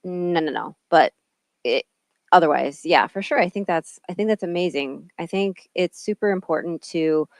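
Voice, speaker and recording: A woman's voice: lowish voice, normal speed, no echo. A woman guest in a casual podcast chat, talking in a chatty way with many fillers. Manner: chatty, filler-heavy, supportive.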